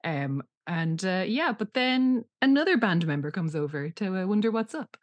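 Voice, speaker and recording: A woman's voice: medium pitch, lively intonation, moderate pace. A woman, co-hosting a podcast and chatting casually through a TV episode recap, laughing often and using "like" a lot. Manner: laughing often, lots of "like" fillers. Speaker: podcast co-host.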